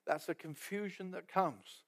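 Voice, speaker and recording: Unhurried and high-pitched, the preacher tells his sermon as a conversational story, acting out quoted voices and often lowering to a soft aside.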